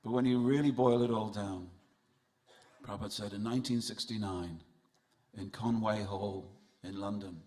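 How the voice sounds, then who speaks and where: A man's voice: lowish voice, steady tone, normal speed, darkish tone. A man giving a festival sermon in a temple hall, telling humorous stories and speaking straight to his audience. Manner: humorous storytelling, addresses the audience directly.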